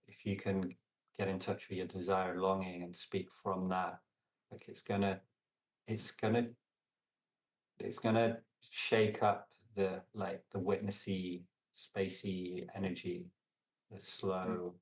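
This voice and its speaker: A man talking as a podcast guest in casual reflective conversation, meandering with many fillers and restarts and trailing off softly. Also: deep voice, flat delivery, slow pace, echoey room, recorded from a distance. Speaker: podcast guest, relational coach.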